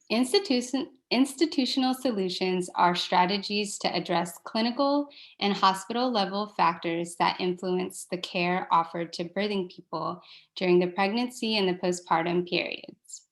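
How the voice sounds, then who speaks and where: A woman reading a prepared research presentation in a steady, measured way. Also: mid-range voice.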